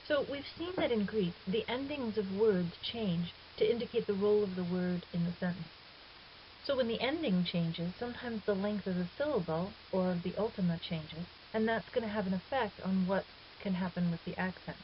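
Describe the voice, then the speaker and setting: A Greek teacher records a grammar lesson, explaining step by step in a patient, methodical way. Her voice is medium-pitched and moderately paced. The audio is dull and lo-fi with a faint hiss.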